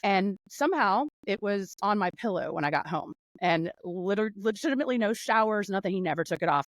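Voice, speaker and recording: Woman from North Carolina on a video call, dry close sound, animated rambling talker, mid-pitched. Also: brisk, no echo, rough recording. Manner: animated, laughing, rambling storytelling. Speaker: guest. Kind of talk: casual conversational interview.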